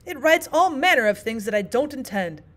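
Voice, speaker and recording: A woman's voice: high voice, lively intonation. A woman doing a flustered, sulky White King chess piece. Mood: fretful. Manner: loud, slow and indignant.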